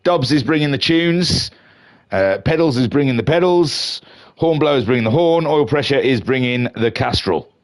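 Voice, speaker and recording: A man's voice: medium pitch, normal speed. A man giving playful, jokey live commentary on a sim racing league from home. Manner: playful, jokey, builds to excited shouting at the start. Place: home room.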